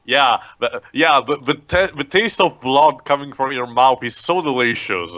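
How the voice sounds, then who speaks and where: A man's voice: mid-range voice, moderate pace, a bit bright. A young man joking in a goofy, sarcastic way while co-hosting a casual movie commentary. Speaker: commentary co-host.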